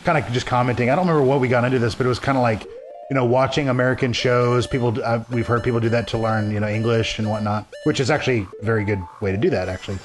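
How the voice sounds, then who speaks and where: A man's voice: medium pitch, fairly even intonation, racing. A man co-hosting a casual gameplay video, rambling and restarting his sentences and reading game text aloud. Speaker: let's play co-host.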